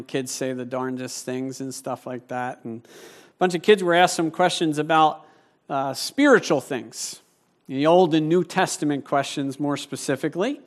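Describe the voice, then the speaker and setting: A male pastor giving a sermon in a joking, conversational way, stumbling over his words when excited. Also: a little high.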